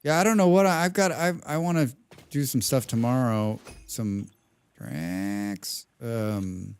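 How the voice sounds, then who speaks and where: A man's voice: mid-range voice, takes it slowly, a little mellow, clear, resonant tone. A man streaming a building game, chatting casually with viewers, rambling, humming and muttering to himself, with the odd casual swear. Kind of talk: casual live-stream chat while playing.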